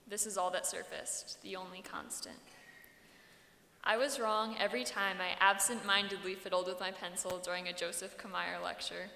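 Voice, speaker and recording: Teen girl salutatorian, bright earnest voice, podium mic in a big reverberant hall. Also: mid-range voice, slight background noise. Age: teens. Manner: earnest, self-deprecating, upbeat. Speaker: salutatorian giving graduation speech. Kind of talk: prepared commencement speech. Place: large hall. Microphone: podium microphone. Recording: echoey hall with long reverb.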